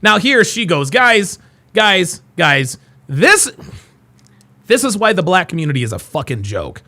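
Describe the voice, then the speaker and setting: A man doing live reaction commentary in a loud, profane, exclamatory way. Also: sits high, big pitch swings, a little slow. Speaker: streamer reacting to footage.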